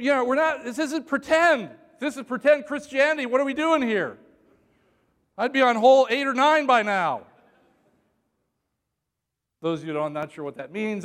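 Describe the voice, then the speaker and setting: Male pastor mid-sermon: high-pitched, playful, bursts into shouts, with a long echo in the church hall. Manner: shouts for emphasis, jokes with congregation.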